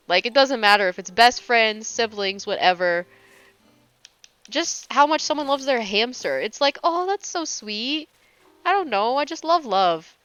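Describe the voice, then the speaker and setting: A woman's voice: medium pitch, a bit bright, clear, resonant tone, no echo, dull audio. A young woman livestreaming while gaming, chatting casually and gushingly, laughing often and swearing offhandedly at herself.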